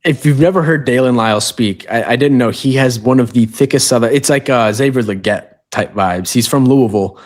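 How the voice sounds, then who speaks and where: A man's voice: medium pitch, a little fast, few pauses. A man co-hosting a sports podcast in casual chat, easygoing, running through stats with side remarks. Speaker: podcast co-host.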